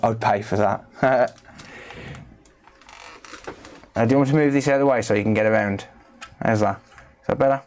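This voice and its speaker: This repair streamer is a British man with a fairly low, darkish voice and a quick pace. He keeps up casual, coaxing chatter, with playful asides aimed at his pets.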